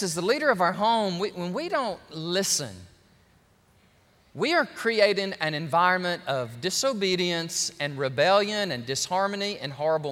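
A male pastor preaching a sermon in an emphatic, animated way, with folksy humor. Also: sits high. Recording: long hall reverb.

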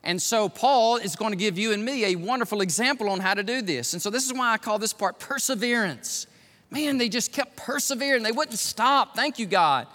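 High bright-voiced preaching pastor in a reverberant hall. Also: male voice, animated, a little fast. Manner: preaching with swings from loud exhortation to quiet emphasis. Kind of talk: sermon. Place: church sanctuary.

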